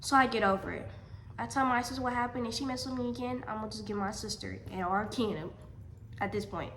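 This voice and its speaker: A young adult woman telling a personal story in a storytime vlog, animated and emphatic, often repeating her lines. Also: on the high side, fast, slight background noise. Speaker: vlogger. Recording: echoey room.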